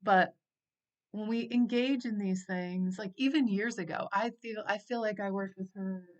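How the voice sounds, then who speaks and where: A woman's voice: medium pitch, fairly even intonation, normal speed, dull audio. A middle-aged woman wellness coach in a heartfelt, rambling monologue full of fillers, emotional at times. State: emotional, near tears at times. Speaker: wellness coach and channel host. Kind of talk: casual reflective monologue.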